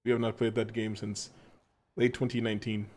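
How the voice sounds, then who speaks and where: A man's voice: fairly low pitch, level tone, a little fast, a little mellow, a little hiss or hum. A man live-streaming a game and chatting casually with viewers. He swears freely, laughs often and pokes fun at himself. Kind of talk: casual gaming stream chat.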